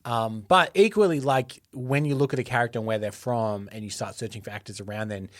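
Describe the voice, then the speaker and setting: A man's voice: medium pitch, a little fast, no room sound. Australian male podcast co-host, chatty and jokey, mid-range voice, dry close-mic sound. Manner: chatty, explains at length, jokey. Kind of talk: casual podcast chat.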